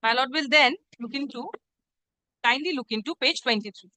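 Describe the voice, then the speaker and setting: A woman advocate pleads her case in court, her voice high and bright with a sharp edge. She is formal and deferential and keeps turning back to "my lord". The sound is close and dry. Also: normal speed, no echo, rough recording. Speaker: advocate arguing before a judge. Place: courtroom hearing, live-streamed.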